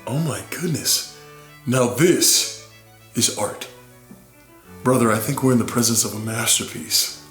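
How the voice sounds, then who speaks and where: A man's voice: medium pitch, steady tone, measured pace, pauses often, fairly bright tone, roomy sound, faint music behind, lightly acted. A man playing a snooty male art collector with a prim, solemn manner. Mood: awed.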